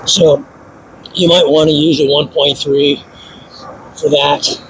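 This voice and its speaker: Snarky, excitable man demonstrating spray guns. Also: fairly high pitch, slow, a little hiss or hum, low-quality recording. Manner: snarky, self-mocking, excitable. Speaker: paint instructor. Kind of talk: casual hands-on demonstration.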